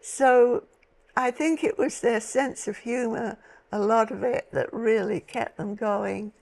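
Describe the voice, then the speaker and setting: Slow, gravelly woman in her eighties. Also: fairly high pitch, steady tone, darkish tone. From London, England. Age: 80s. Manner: slow, halting recollection with many restarts. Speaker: guest. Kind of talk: personal storytelling.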